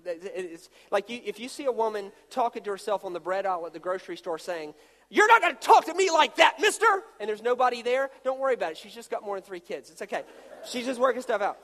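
High-voiced preacher guy, jokey, working the crowd, big echoey hall. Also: quick pace. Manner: animated, jokey storytelling with volunteers. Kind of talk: sermon with live demonstration. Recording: long hall reverb.

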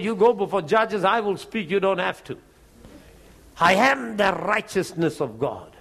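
High-voiced preacher telling a testimony. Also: male voice. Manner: animated storytelling, chuckling often. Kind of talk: testimony in a sermon.

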